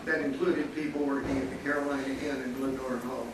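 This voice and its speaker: A man's voice: mid-range voice, fairly even intonation, fairly quick. A man in his seventies, a panelist and former student photographer, telling anecdotes wryly with frequent chuckles. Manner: wry, anecdotal, chuckling often. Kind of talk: storytelling at a panel talk. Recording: echoey hall, distant mic, audible noise.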